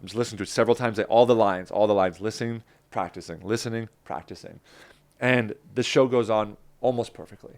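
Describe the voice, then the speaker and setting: A man from New Jersey, USA, talks quickly in a voice on the low side. He's a guest in a casual interview, telling animated stories, acting out his own past lines, and saying "like" a lot.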